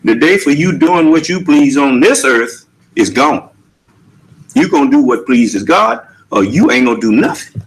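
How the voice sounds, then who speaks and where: A man's voice: mid-range voice, animated, unhurried, rough recording. A man preaching a sermon with emphatic rhetorical questions and casual vernacular speech. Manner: emphatic, rhetorical questions, Southern US Black English.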